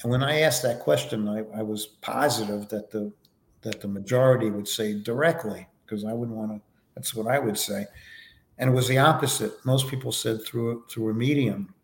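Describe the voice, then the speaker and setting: A man as a podcast guest, answering interview questions in a relaxed, anecdotal way with many fillers. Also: medium pitch, normal speed, echoey room. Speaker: podcast guest, foundation vice president.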